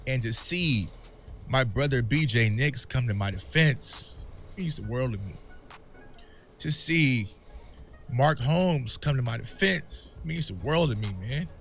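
Soft music plays behind a sports video creator delivering an emotional monologue to his fans at a measured pace. His medium-pitched voice is animated, and he speaks with candor and passion, calling viewers "y'all."

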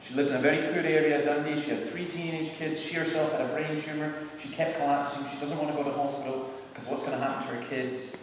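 A man's voice: fairly high pitch, fairly even intonation, fast talker, hardly any pauses, a little hiss or hum. A middle-aged man, a preacher telling earnest, conversational stories to a visiting group inside a large church building. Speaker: preacher and evangelist. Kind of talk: storytelling talk to a visiting tour group. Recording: echoey hall from far off.

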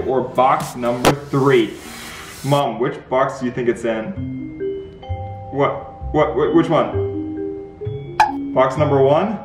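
An excited young man hosts a casual family vlog, calling out to his viewers. His voice sits a bit high. He is recorded in an echoey home room with music playing underneath. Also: distant mic. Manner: excited, talks to viewers and pets. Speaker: vlogger host. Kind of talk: upbeat family vlog chat.

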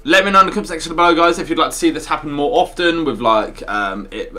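Chilled lad doing a casual gaming outro, bright voice. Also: male voice, fairly high pitch, fast talker. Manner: laid-back banter, wraps up with viewer call-outs.

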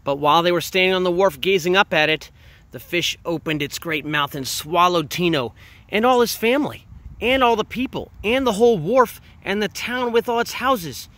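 A man's voice: high-pitched, animated, normal speed, pushed and bright, dry recording. A man reading a picture book aloud, drawing out the big words for dramatic emphasis. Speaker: reader. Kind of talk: storybook read-aloud.

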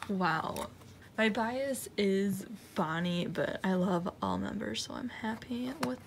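Slow, gravelly young woman gushing over an unboxing. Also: medium pitch, noisy background. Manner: excited, gushing, often drops to a whisper. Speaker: unboxing vlogger. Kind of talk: casual unboxing chat. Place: room at night, indoors.

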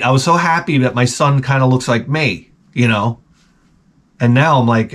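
A man's voice: medium pitch, moderate pace, long pauses, fairly bright tone. A middle-aged man from Long Island, telling a rambling, profane, sardonic story as a vlog host. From Long Island, New York. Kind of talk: casual rambling monologue.

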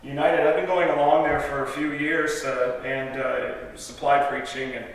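A man's voice: medium pitch, little pitch movement, moderate pace, gravelly. A man giving a guest sermon, telling stories in a chatty, self-interrupting way and laughing at his own jokes. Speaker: guest preacher. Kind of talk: storytelling sermon. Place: church sanctuary. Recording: echoey hall, distant mic.

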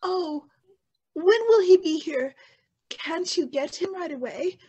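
A woman's voice: extremely high pitch, slow pace, mellow, dull audio. A woman playing a vain, deaf, weeping lady. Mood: tearful. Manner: tearful, pleading lament. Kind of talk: amateur stage reading.

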